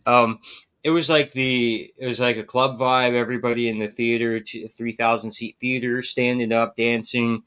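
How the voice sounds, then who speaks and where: Man, podcast co-host, bright forceful voice, enthusiastic, laughs a lot. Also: mid-range voice, little pitch movement, moderate pace, clear, resonant tone. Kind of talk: casual chat.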